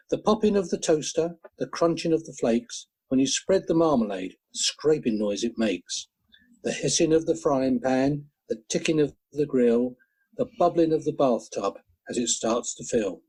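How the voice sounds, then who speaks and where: A man reciting poems in a measured, gentle way over an online call. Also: medium pitch, husky, rough recording. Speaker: poetry reader. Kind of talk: poetry reading.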